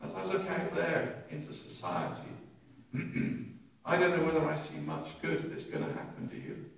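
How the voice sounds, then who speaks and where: An older man, preaching a sermon with animated humour, recorded from a distant mic in an echoey church. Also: fairly high pitch, moderate pace, gravelly. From England. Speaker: pastor. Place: church hall.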